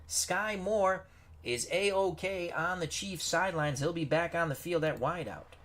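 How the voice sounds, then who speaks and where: A man giving play-by-play commentary on a computer football game, bursting into shouts at big plays and reading viewer chat aloud. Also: fairly high pitch, a little slow. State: out of breath.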